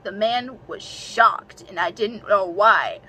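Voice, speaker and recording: A young woman reading aloud a story she wrote as a child, haltingly and with restarts, breaking off for self-mocking, giggly asides. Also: mid-range voice, sharp tone, a little hiss or hum, poor audio. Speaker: reader of her own childhood story.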